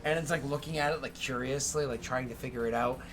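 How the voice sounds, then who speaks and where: A man narrating as game master in a tabletop game, animated and full of fillers. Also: medium pitch, fast, slight background noise.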